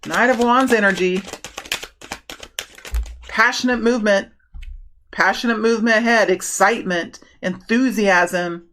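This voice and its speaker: Excitable woman doing a tarot reading. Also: medium pitch, measured pace, pauses often, slight background noise. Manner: animated, breaks into excited bursts, many restarts. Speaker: tarot reader. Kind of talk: casual tarot reading monologue.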